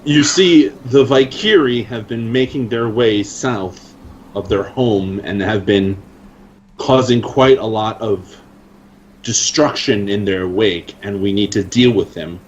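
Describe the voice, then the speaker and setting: A man's voice: lowish voice, takes it slowly, dull audio, a little hiss or hum. A man playing a tabletop game, speaking earnestly and formally in character. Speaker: player.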